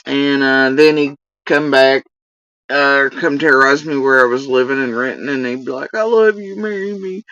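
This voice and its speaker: A woman's voice: a bass voice, level tone, normal speed, a bit bright, smooth, distant mic, muffled recording. Heated, swearing woman ranting on stream. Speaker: livestreamer. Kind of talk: livestream rant.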